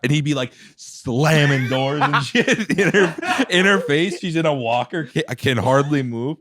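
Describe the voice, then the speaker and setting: A man's voice: mid-range voice, moderate pace, no room sound, clean studio sound. A young man co-hosting a podcast, telling loose stories in a casual chat and laughing through his lines. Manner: loose storytelling, laughs through lines, says "dude" a lot. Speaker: podcast co-host.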